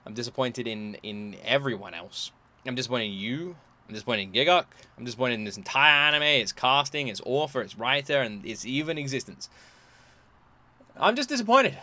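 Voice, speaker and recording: A man ranting in a reaction video, exasperated and swearing, swinging between loud outbursts and low mumbling. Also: very animated, brisk. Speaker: YouTube reactor.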